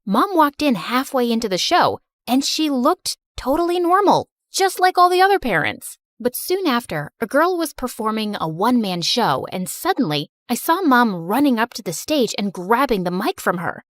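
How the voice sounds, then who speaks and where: A woman narrating an animated drama in the first person, telling it with emotional, expressive storytelling. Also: fairly high pitch, moderate pace, hardly any pauses, no room sound, clean studio sound.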